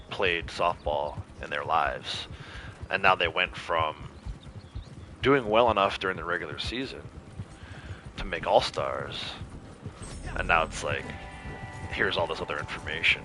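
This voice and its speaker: A man's voice: low voice, measured pace, pauses often, sharp tone, soft background music. A man chatting casually while streaming a game, rambling loosely between stories and laughing often. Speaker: streamer and youth softball coach. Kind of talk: casual livestream gameplay commentary.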